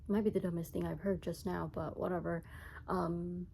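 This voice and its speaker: Young female vlogger, self-mocking chatter, low gravelly voice. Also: level tone, normal speed, dark tone, slight background noise, rough recording. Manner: rambling and self-mocking, often laughing. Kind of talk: casual chat to camera.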